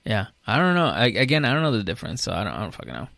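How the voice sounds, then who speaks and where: Gravelly-voiced man, animated comedic recap. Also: rapid-fire, no room sound. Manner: animated, acts out characters in high squeaky voices. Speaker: podcast co-host. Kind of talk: casual comedic recap chat.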